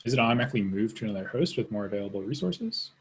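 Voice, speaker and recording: A man moderating a webinar Q&A, reading out questions and giving measured technical explanations. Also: fairly low pitch, expressive, a little hiss or hum.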